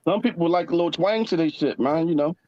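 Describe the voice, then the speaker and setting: A man co-hosts a podcast with crude, teasing remarks. His voice is high for a man. The sound is dry and a little dull. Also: quick pace, darkish tone, dry recording. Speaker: podcast co-host. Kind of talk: casual chat.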